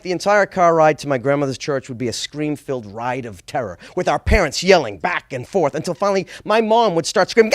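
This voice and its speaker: Animated man telling a personal story. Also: a little high, brisk, hardly any pauses, no room sound, studio quality. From Boston. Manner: expressive, animated delivery with small stammers.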